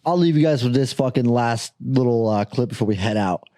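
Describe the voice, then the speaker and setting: A man's voice: medium pitch, a little fast, warm tone, no room sound. A young man co-hosting a podcast, telling a rambling story with lots of swearing and laughter. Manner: profane, rambling, laughs often. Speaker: podcast co-host. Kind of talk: casual chat, storytelling.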